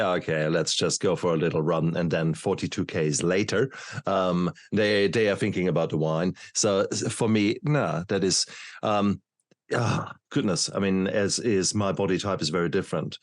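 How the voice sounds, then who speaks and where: A man's voice: low voice, dry recording, clean studio sound. A man hosting a podcast, asking thoughtful, wandering questions. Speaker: podcast host. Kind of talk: interview questions.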